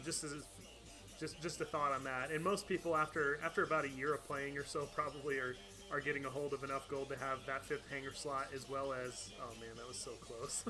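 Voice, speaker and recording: A man with a bright, slightly high voice hosts a live game stream. He chats casually while playing, laughs often and reads out viewers' names. Faint music plays softly behind him. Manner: chatty, laughs often, reads out chat names and thanks donors. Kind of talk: casual live-stream chat over gameplay.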